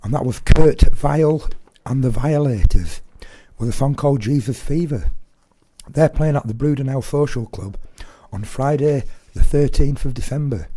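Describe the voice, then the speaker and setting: A man co-hosting a casual radio show. His voice is mellow and dark with a husky grain, and his manner stays dry and unimpressed. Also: mid-range voice, normal speed. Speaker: radio co-host. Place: radio studio.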